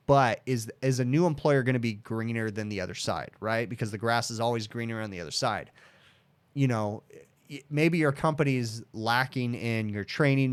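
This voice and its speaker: A man's voice: mid-range voice, clear, resonant tone. Frank, chatty man in his thirties. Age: 30s. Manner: frank, chatty, addresses viewers as dude and bud. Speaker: HVAC technician hosting a Q and A livestream. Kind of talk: casual livestream Q and A.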